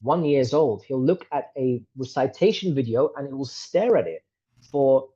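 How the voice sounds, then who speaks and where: A man's voice: mid-range voice, animated, normal speed, mellow, husky, highs cut off. A man in his thirties with a British accent, chatting candidly as an interview guest, wandering off on tangents and poking fun at himself. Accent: British English. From United Kingdom. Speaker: guest, reciter. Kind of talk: casual interview conversation. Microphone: podcast microphone.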